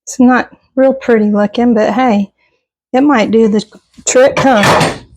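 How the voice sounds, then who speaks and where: A woman's voice: a little high, steady tone, takes it slowly, a little mellow, poor audio. A woman chatting casually in her home kitchen, folksy and self-deprecating as she cooks and tastes. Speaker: home cooking vlogger. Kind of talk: casual cooking vlog chat.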